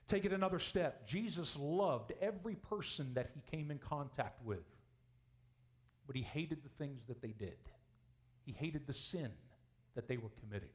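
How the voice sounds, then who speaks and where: Male pastor, fairly high voice, preaching with big swings in pitch and volume. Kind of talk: sermon.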